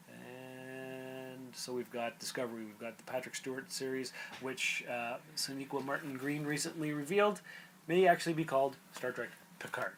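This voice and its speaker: A man's voice: mid-range voice, steady tone, normal speed, a bit bright, slight background noise, low-quality recording. A man co-hosting a podcast, chatting casually and reading movie and TV news items aloud with asides. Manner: reads entertainment news items aloud with side comments. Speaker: podcast co-host.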